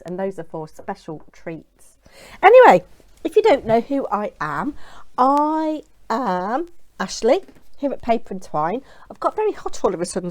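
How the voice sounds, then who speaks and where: A woman's voice: mid-range voice, a little mellow. A woman with a British accent, hosting a craft channel and chatting casually to camera at home. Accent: British English. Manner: chatty, bubbly, talking while eating.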